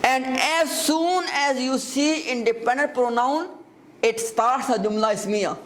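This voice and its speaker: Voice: high voice, measured pace, a bit bright. A grammar teacher in a live class who explains step by step, repeats key terms and often stops to ask the students whether they follow.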